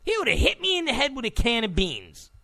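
A talk show host in his own voice, rambling bluntly through a monologue with stammered restarts. His voice sits fairly high with a gravelly fry and swings widely in pitch. The sound is close and dry. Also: huge pitch swings, brisk, pushed and bright, no room sound. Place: Los Angeles studio.

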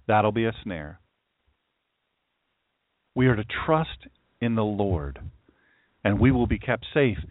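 A man's voice: mid-range voice, no echo. A man preaching a sermon as a pastor, stressing his warnings and reading scripture aloud. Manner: emphatic, repeats warnings and scripture. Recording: tinny phone-like dry sound.

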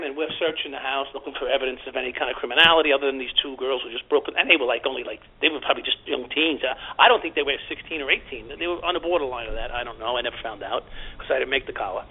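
A man's voice: fairly high pitch, fast, slightly rough. A man with a New York accent telling a long story as a guest, acting out quotes and swearing freely. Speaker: former police officer, guest. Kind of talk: storytelling in an interview. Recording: tinny phone-like line with faint noise.

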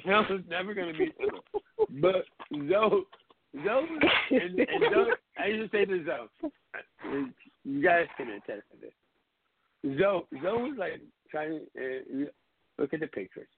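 A man hosting a call-in tribute show, telling stories in a casual, animated way, swearing often and acting out his friends' lines. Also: sits high, measured pace, gravelly. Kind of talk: casual storytelling chat. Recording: phone-line audio with hiss.

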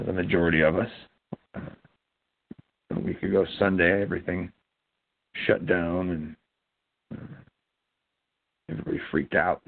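A man's voice: sits low, vocal fry, breathy edge. A man from Ohio hosting a casual internet radio show, rambling and hesitant with many fillers. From Ohio, USA. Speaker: host. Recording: dry tinny phone-line audio.

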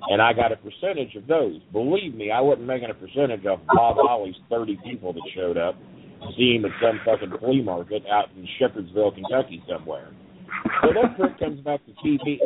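A middle-aged man tells a story bluntly and heatedly, swearing freely, over the phone. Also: fairly low pitch. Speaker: wrestling business guest. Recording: tinny phone line.

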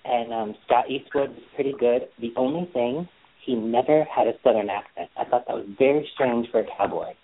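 A man's voice: medium pitch, sing-song, fairly quick, gravelly, husky. Sassy guy gossiping on a podcast, tinny phone-line sound. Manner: sassy, chatty, playful teasing. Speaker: podcast co-host. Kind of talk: casual gossipy chat.

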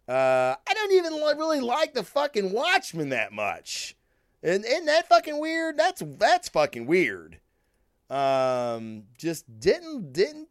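A man hosting a casual podcast, telling stories in an animated, heavily profane rant. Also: a little high, clear, resonant tone, no echo, clean studio sound. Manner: profane, animated storytelling with frequent swearing. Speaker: podcast host.

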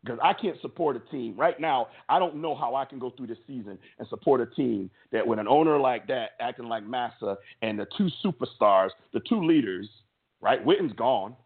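A man co-hosting a sports podcast, delivering a heated, emphatic opinion rant with a husky voice and stammering restarts. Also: medium pitch, expressive, moderate pace. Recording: tinny phone-like audio.

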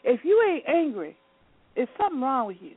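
A woman's voice: high voice, very animated, fairly quick, slightly rough, no room sound. A woman in a casual discussion, forthright and affirming. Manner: forthright, frequent affirming murmurs. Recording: phone-like lo-fi audio.

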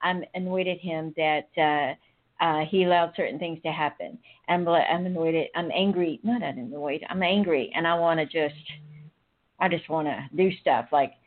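A woman's voice: low-pitched, steady tone, normal speed. A woman co-hosting a casual podcast chat, talking in a rambling, confiding way and laughing often between thoughts. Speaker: podcast co-host. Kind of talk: casual, candid conversation. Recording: tinny phone-line sound.

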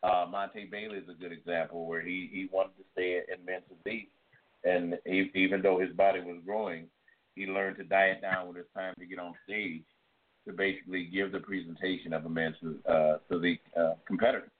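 A man's voice: low-pitched, level tone, fairly quick. A man co-hosting a casual chat show, rambling and earnest. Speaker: co-host. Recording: tinny phone-like line.

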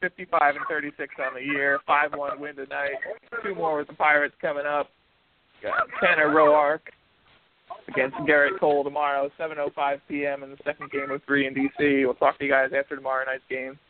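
A man's voice: fairly high pitch, level tone, fairly quick, noisy background. A man hosting a casual sports podcast, recapping the game in a conversational way over tinny audio. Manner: conversational, recaps scores and news. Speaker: podcast host. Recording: tinny phone-line audio.

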